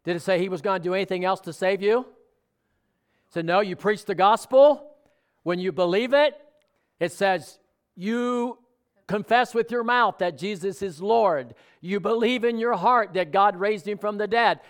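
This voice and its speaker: High-voiced male preacher. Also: a little slow. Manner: conversational preaching, asks the congregation questions. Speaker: pastor. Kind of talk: sermon.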